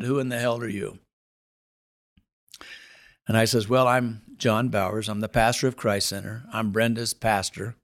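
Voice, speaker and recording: A middle-aged male pastor telling a personal testimony in an earnest, dramatic storytelling manner. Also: medium pitch.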